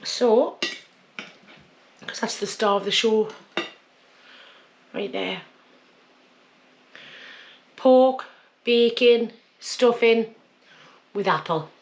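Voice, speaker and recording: A woman's voice: on the high side, extremely slow, pauses often. A woman hosting a casual cooking vlog, chatting homely while she eats. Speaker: cooking channel host.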